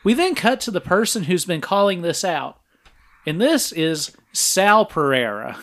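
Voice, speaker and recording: A man's voice: high voice, lively intonation, measured pace, a bit bright. A man co-hosting a podcast, walking through a movie's plot in a casual, step-by-step recap with frequent filler sounds. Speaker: podcast co-host.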